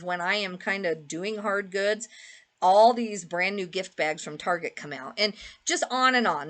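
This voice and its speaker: A woman's voice: medium pitch, pushed and bright. A middle-aged woman chatting casually with many fillers as she shows her thrift finds to viewers. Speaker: eBay reseller showing a thrift haul. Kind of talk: casual haul video talk.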